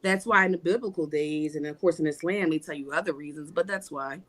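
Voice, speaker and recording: Deep-voiced yet fairly bright, a woman guest speaks briskly on a livestream panel about faith in a casual way. Her delivery is emphatic, with the repeating rhythm of a preacher.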